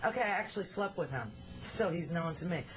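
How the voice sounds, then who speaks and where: A woman's voice: on the low side, expressive, brisk, a bit bright, faint music behind, poor audio. A middle-aged woman hosting a talk radio show, riffing in a candid, rambling way with joking asides into a handheld studio mic. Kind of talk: casual radio monologue.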